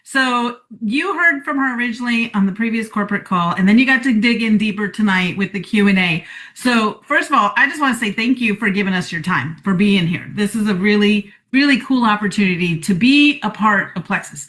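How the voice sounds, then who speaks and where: Bright, effusive woman host. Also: mid-range voice, animated, brisk. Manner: upbeat, effusive. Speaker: host of a coaching call. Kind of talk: live-call hosting.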